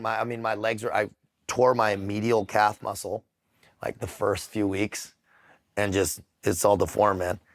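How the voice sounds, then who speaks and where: A middle-aged man telling his story in a casual interview, blunt and profane, with frequent halting restarts. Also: on the low side. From United States. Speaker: interview guest.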